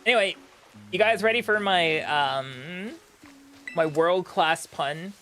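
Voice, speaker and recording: A man's voice: sits high, slow, bright, forceful tone, soft background music. A man chatting casually on a gaming stream, rambling with many fillers and restarts.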